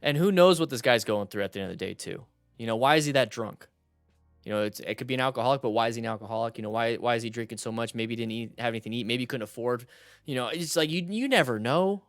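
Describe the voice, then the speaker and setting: A young man hosting a motorcycle channel, commenting on riding videos in a casual, animated way and giving blunt advice. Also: medium pitch, fast talker, dry recording, studio quality.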